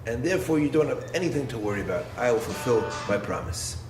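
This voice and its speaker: A man, a rabbi, giving a Torah lecture in an expressive way, posing rhetorical questions and swinging from low, quiet phrases to raised ones. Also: fast talker, music in the background. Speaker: rabbi and yeshiva head. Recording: roomy echo with faint background noise.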